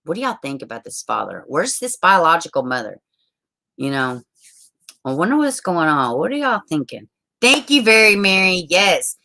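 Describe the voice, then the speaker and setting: A woman's voice: lowish voice, big pitch swings, moderate pace, bright, forceful tone. A woman hosting a casual livestream, chatting with viewers, swearing freely and greeting them with endearments. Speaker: livestream host. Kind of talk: casual livestream chat reading viewer comments.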